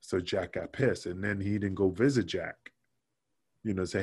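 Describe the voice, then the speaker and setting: A man's voice: sits low, normal speed, breathy edge, no echo, clean studio sound. A man casually telling a backstage story, acting out other people's lines with cursing. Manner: animated, acts out quotes with cursing. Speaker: podcast guest.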